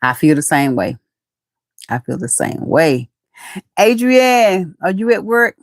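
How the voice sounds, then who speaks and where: A middle-aged woman with a drawl, chatting casually into her computer on a home livestream. Her voice sits low and is picked up dry and close, with no room sound. She talks in a folksy, easygoing way, calling out her viewers by name. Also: sing-song, slow pace, dry recording. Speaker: livestream host.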